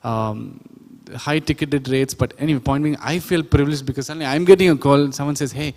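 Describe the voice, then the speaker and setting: A man's voice: medium pitch, brisk, a little mellow. A man teaching a sound production class, chatty and often quizzing his audience. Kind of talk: classroom lecture. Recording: reverberant lecture hall.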